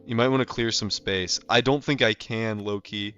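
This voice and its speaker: A man's voice: fairly low pitch, steady tone, moderate pace, sharp tone. A young man from North America chatting casually while playing a game live, rambling with lots of fillers. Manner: loose and rambling, heavy on fillers like "like" and "um". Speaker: livestreamer. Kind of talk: casual live gameplay chat. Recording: slightly muffled stream audio with faint music.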